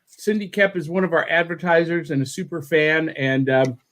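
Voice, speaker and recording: Upbeat high-voiced podcast host. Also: male voice, normal speed. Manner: upbeat and excitable, repeats himself. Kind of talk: casual chat.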